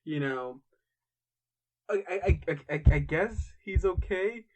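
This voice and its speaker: A man's voice: high voice, animated, a little mellow, dull audio. A man co-hosting a podcast in casual chat, hesitant and stammering. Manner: hesitant, stammering, quick to laugh. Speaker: podcast co-host.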